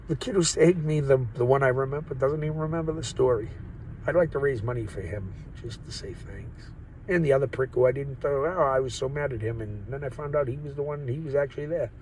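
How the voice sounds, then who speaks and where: A man's voice: mid-range voice, lively intonation, brisk, darkish tone, slight background noise, poor audio. A man talking into his phone in a rambling, profane, joking monologue that keeps wandering off topic. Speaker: vlogger. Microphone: phone or camera mic.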